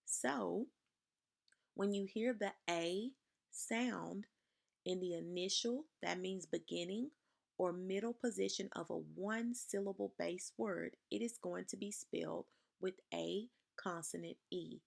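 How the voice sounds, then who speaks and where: A woman teaching spelling in a slow, deliberate voice with a strong gravelly fry running through it. She pronounces each word with care and leaves room for her class to repeat after her. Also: mid-range voice, darkish tone. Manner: slow, careful, over-enunciated dictation. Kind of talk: spelling lesson for children.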